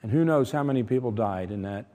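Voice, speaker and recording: A middle-aged man preaching a sermon, emphatic, shifting between loud stressed points and quiet asides. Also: medium pitch, expressive, fast. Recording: long reverb from a large hall.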